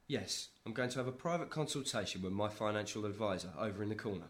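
A man's voice: fairly low pitch, quick pace, fairly bright tone, natural voice. An actor with a British accent playing a scruffy, broke man who trades dry jibes with his brother in a sitcom. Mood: wry. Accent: British English. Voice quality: dry, wry. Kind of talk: sitcom acting.

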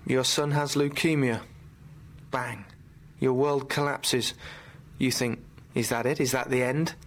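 A man's voice: medium pitch, steady tone, unhurried, a bit bright, lightly acted. An actor playing a stunned father reflecting on his son's illness in a public service ad. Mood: earnest. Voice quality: earnest, reflective.

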